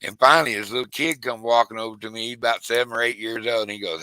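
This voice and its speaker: Bright, drawling man. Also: lowish voice, quick pace, few pauses, no echo, poor audio. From Texas. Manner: rambling, drawling, many restarts. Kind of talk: casual chat, storytelling.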